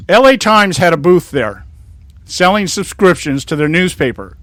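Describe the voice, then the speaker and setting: A man's voice: sits high, sing-song, moderate pace, fairly bright tone, dry recording. A man in his sixties from California, hosting a talk show in a rambling, indignant monologue with many restarts. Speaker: host.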